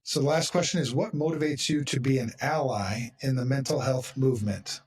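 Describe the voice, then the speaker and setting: Blunt, husky-voiced man hosting a podcast. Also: mid-range voice, a little fast, darkish tone, recorded from a distance. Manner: blunt, emphatic, swears freely. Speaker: podcast host. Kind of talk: casual podcast chat.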